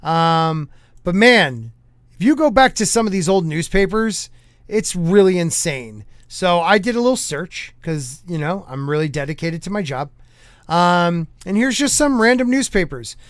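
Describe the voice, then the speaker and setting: High, smooth-voiced joking podcast host. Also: male voice, expressive, a little slow, dry recording, clean studio sound. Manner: joking, stumbles over words while reading. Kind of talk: casual chat, reading old newspapers aloud.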